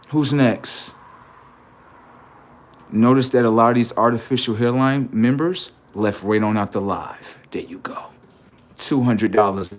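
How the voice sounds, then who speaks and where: Male livestream comic, brash and mocking, mid-pitched, roasting viewers with rapid rhetorical questions. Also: slight background noise. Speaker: livestream host. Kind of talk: improvised comedy roast on a livestream.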